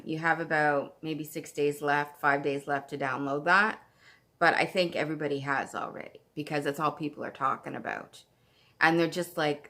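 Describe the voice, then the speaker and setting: A woman with a very low, gravelly voice hosts a casual craft podcast from home. She talks in a gushing, excitable way. She is from Canada. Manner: chatty and gushing, breaks into excited laughter. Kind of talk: casual chat.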